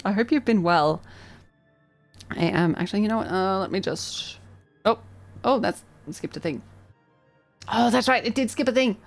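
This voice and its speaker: A woman streaming a game live, chatting excitably and reading the game's narration aloud. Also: medium pitch, moderate pace, vocal fry, long pauses, soft background music. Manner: excitable, chatty, self-deprecating. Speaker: vtuber streamer.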